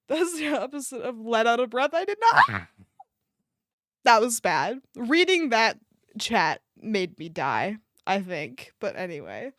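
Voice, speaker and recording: A woman's voice: a little high, wildly swooping pitch, measured pace, fairly bright tone, no room sound. Giggly woman streamer reading aloud, dry. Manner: giggly, breaks off reading to react to chat. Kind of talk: live-stream reading of fan fiction aloud. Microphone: desk microphone.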